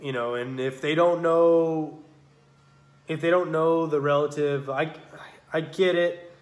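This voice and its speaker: A man's voice: on the high side, fairly even intonation, measured pace. A young man co-hosting a podcast, talking casually in a rambling, profane way, full of fillers like "you know what I mean". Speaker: podcast co-host. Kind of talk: casual chat. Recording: echoey room.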